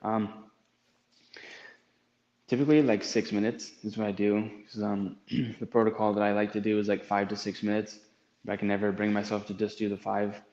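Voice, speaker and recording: A man's voice: lowish voice, flat delivery, normal speed, a little mellow, roomy sound, lo-fi sound. A man from the United States answering interview questions in a hesitant way, with many fillers. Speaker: guest athlete.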